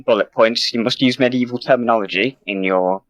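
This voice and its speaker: A man with a British accent pitching a silly idea in a comedy sketch, mock-formal and halting, with many ums and restarts. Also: a bit bright, low-quality recording.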